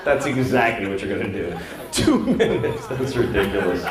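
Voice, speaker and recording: A man's voice: lowish voice, brisk, a loud crowd. A man doing stand-up comedy and talk show chat, telling crude, blunt, self-mocking stories.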